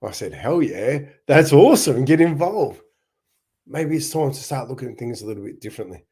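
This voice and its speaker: Upbeat Australian man telling stories, husky voice. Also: medium pitch, animated, fairly quick, warm tone. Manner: upbeat storytelling with frequent laughs and restarts. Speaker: not-for-profit founder and livestream host. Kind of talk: casual livestream monologue.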